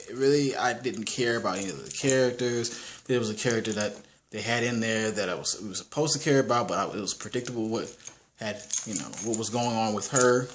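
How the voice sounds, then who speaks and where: A man's voice: lowish voice, normal speed. Rambling casual man reviewing a movie. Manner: rambling, lots of restarts and slang.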